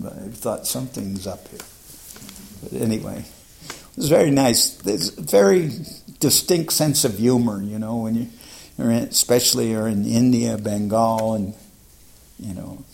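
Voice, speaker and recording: A man's voice: lowish voice, normal speed, creaky, darkish tone. An older man casually recalling memories, rambling and laughing as he mimics others. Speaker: devotee recalling his teacher. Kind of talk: casual reminiscence.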